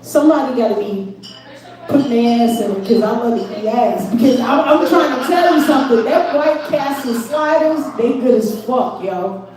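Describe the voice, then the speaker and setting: A woman's voice: a little high, lively intonation, normal speed. A woman doing a crude stand-up set at an open mic, laughing through her lines. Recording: echoey room from far off, loud crowd.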